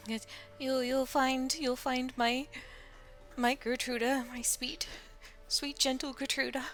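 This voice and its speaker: A woman voicing a frantic old mother who stutters and repeats her words, pitched up and breathy in places. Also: level tone, takes it slowly, fairly bright tone, soft background music. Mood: pleading.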